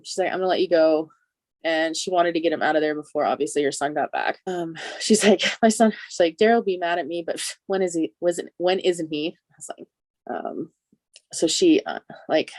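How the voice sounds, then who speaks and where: A woman recaps a TV episode in a loose, chatty way, laughing between lines. Her voice sits a little low for a woman. The sound is dry, with no room around it. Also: dry recording. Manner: chatty, animated retelling with laughs. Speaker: podcast co-host.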